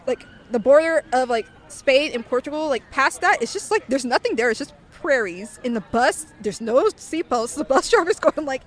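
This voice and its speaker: A young woman telling a story in a casual, animated way, full of fillers and acted-out voices. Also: sits high. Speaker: interviewee.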